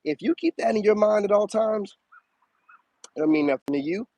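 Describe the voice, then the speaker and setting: Animated preachy man, higher voice. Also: normal speed, low-quality recording. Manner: animated, preachy, swoops up high for emphasis. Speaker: spiritual advice streamer. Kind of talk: casual live-stream monologue.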